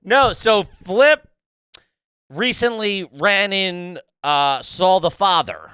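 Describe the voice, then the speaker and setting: A man's voice: high voice, animated, slow pace, pushed and bright, clear, resonant tone, no echo, studio quality. A man co-hosting a podcast, telling a rambling self-mocking story in casual banter. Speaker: podcast co-host.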